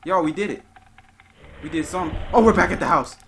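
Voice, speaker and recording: A man making horror game commentary: loud and excitable, yelping when startled, and stumbling over words when he reads a spooky story aloud. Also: fairly high pitch, a little fast, slight background noise. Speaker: gaming YouTuber. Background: loud game music.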